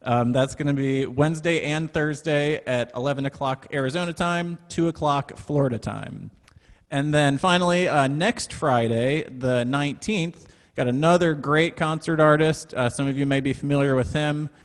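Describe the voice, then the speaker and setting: A man's voice: fairly high pitch, moderate pace. Chatty man on an echoey video call. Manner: chatty and upbeat, with frequent fillers. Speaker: music center staff host. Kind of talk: casual class announcements.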